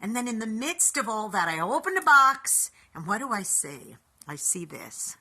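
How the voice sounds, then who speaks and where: A woman hosting a short inspirational video, talking in an upbeat, animated way and calling her viewers boys and girls. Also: mid-range voice, moderate pace, a little hiss or hum. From New York.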